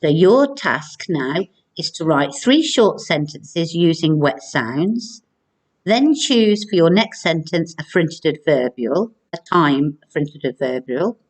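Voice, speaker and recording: Woman teacher, low-ish voice, very unhurried, clear and encouraging video lesson for young pupils. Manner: slow, clear, encouraging classroom delivery. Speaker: primary school teacher.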